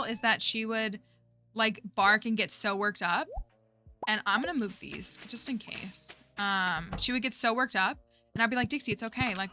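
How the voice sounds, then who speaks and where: This woman's voice sits a little high, with a pushed, bright quality. She livestreams a game, chatting casually as she plays, thinking out loud and talking to her viewers.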